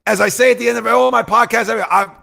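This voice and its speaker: A man hosting a sports livestream, chatting casually and animatedly with his viewers, reading their comments aloud and swinging between loud outbursts and quiet asides. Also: very high voice, steady tone, fast, creaky. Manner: talks straight to chat, reads out viewer comments.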